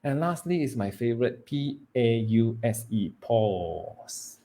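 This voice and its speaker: A man, training students in public speaking, who swings between loud emphasis and hushed delivery and stretches words for effect. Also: mid-range voice, expressive, moderate pace. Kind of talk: live training talk.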